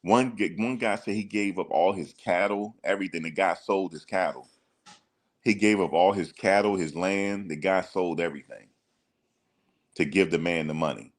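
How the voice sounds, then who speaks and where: A man's voice: low voice, normal speed. A man giving casual reaction commentary as an online host, emphatic and slangy and full of rhetorical questions.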